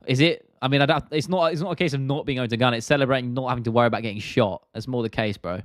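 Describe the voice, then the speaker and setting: Brief: casual young British live streamer, slangy, dry close mic. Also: male voice, medium pitch, rapid-fire, no echo. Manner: laid-back, rambling, slangy. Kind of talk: casual live stream chat reading viewer questions.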